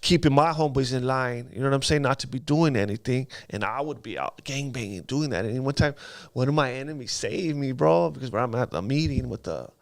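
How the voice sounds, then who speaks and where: Gravelly man, streetwise. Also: mid-range voice, a little fast, no room sound. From Los Angeles area. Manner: streetwise slang, frequent "you know what I mean". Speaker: guest. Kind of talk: casual storytelling interview.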